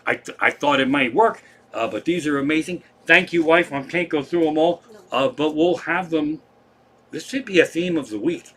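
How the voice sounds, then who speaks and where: A man's voice: fairly high pitch, bright, forceful tone, slight background noise. A man hosting a comedy live stream from home, telling rambling, profane stories in casual chat.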